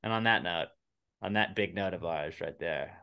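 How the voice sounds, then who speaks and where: Young male co-host, casual and profane, lowish pitch, bright and clean. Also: normal speed, vocal fry, clean tone. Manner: laid-back, profane, heartfelt. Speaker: podcast co-host. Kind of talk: casual podcast chat.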